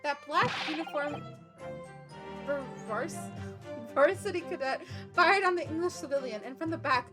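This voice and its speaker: A woman's voice: sits high, normal speed, pauses often, over music, close to an everyday voice. A woman voicing a stiff, boastful young military man in a courtroom game.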